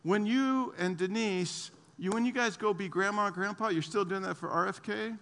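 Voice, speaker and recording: A man preaching a sermon to his church, animated, laughing often and repeating his words. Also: high-pitched, moderate pace, long reverb tail. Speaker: pastor.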